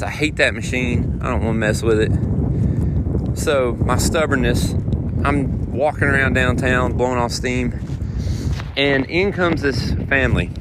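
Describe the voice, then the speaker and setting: A man, a touring guitar player, telling road stories in a rambling, animated way while walking outdoors. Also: mid-range voice. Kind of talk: casual vlog storytelling. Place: outdoors on city streets. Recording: outdoor street noise and wind.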